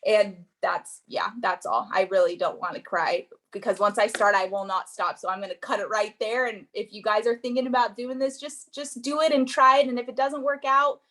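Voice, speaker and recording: A woman's voice: mid-range voice, steady tone, normal speed, few pauses, fairly bright tone. A young woman giving an earnest, rambling motivational talk on a group call, full of fillers. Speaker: network marketing seller.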